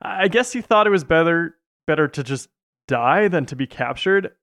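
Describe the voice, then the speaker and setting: A man's voice: fairly high pitch, animated, moderate pace, fairly bright tone. Canadian man co-hosting with a laugh. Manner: jokey, overthinking, laughs often. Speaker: podcast co-host. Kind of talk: casual Bible story chat.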